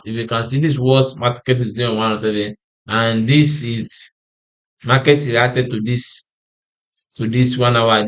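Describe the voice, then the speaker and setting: A man explaining trading charts in a lesson, tired and yawning, who repeats and restarts his phrases and asks himself "what?" before answering. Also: mid-range voice. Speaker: forex trading analyst. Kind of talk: screen-share chart walkthrough.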